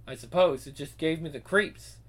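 Brash cynical ex-soldier guard, coarse and confident, film drama. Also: male voice, a little high, moderate pace, fairly bright tone. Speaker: film character.

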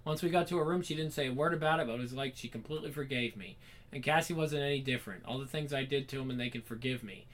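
A man voicing a fragile, remorseful young woman in a game, reading her lines softly without much change to his voice. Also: mid-range voice, fast talker, natural voice. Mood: tearful.

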